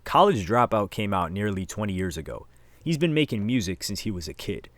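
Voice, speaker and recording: A man hosting a casual commentary video, reading out social media posts and reacting with lively emphasis. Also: fairly low pitch, fairly quick, dry recording. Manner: animated, reads quotes aloud with emphasis. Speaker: commentary channel host.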